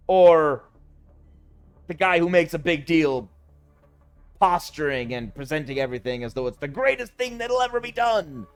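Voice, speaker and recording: A man streaming a city-building game, talking casually and mocking the characters and game mechanics in an animated, sarcastic way. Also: fairly high pitch, normal speed, clear, resonant tone, soft background music. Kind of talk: casual let's-play commentary.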